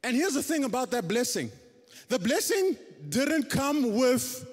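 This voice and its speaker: High-voiced young man preaching in a hall. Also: sing-song, measured pace. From South Africa. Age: 20s. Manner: conversational, self-deprecating storytelling with rising emphasis. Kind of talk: testimony sermon. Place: church stage. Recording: hall reverb.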